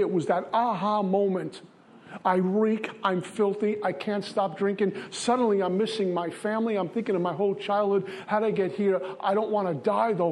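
A man's voice: high voice, darkish tone. A man from Brooklyn, giving an earnest, confessional recovery testimony in a repetitive style. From Brooklyn, New York. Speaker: recovery speaker.

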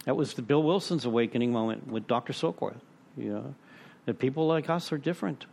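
A man's voice: mid-range voice, a little fast, gravelly, a little mellow, a little hiss or hum. A man sharing his personal recovery story with a group, conversational and self-deprecating, full of "you know" and repeated phrases. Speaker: speaker at a recovery meeting.

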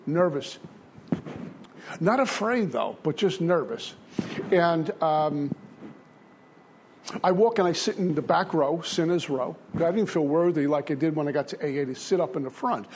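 An older man tells his story at a recovery meeting, earnest and repetitive, his voice sitting a little high for a man. A faint hiss of background noise runs under the talk. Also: darkish tone. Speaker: recovery speaker. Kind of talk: personal testimony talk.

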